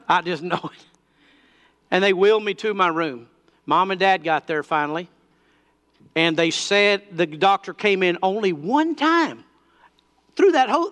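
A man's voice: sits high, fairly bright tone. A man preaching a sermon, telling a personal story that builds into fervent declarations.

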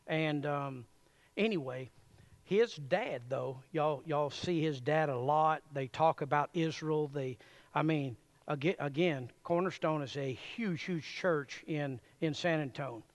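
A man preaching a sermon in a church, folksy and animated, chuckling often as he addresses the congregation. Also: a little high, a little slow. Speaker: pastor.

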